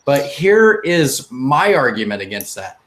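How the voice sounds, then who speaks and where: A man's voice: mid-range voice, sing-song, unhurried, fairly bright tone, slight background noise. A man hosting a casual podcast discussion, arguing heatedly and emphatically. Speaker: podcast host.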